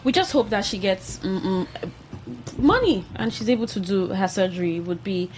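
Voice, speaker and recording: A woman's voice: mid-range voice, lively intonation, moderate pace, darkish tone, slight background noise, poor audio. A woman hosting an entertainment segment in a radio studio, chatting and reading items aloud with asides. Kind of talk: casual studio chat.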